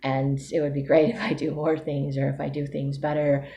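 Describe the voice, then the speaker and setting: A woman with a low, mellow voice records a casual video diary. She speaks candidly and reflectively, thinking aloud. A faint hiss sits under her voice. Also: little pitch movement, normal speed, gravelly. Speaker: vlogger giving a weekly update.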